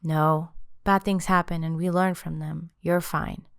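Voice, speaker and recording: A woman reading the lines of a gentle young man in an audiobook, speaking softly and steadily. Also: deep voice, fairly even intonation, measured pace, gravelly, smooth, no room sound, studio quality. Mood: calm.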